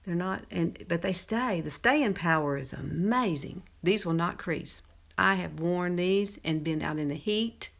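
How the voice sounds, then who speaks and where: Southern woman in her fifties, slightly low and chatty, easy makeup-tutorial talk with frequent laughs. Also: measured pace, vocal fry. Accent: Southern American. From Southern United States. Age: 50s. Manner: chatty, laughs often, talks while applying makeup. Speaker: makeup presenter.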